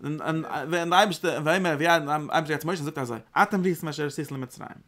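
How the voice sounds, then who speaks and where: A man teaching an informal Torah class, lively and acting out the verses. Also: on the high side, fast. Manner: animated, acts out the verse in God's voice.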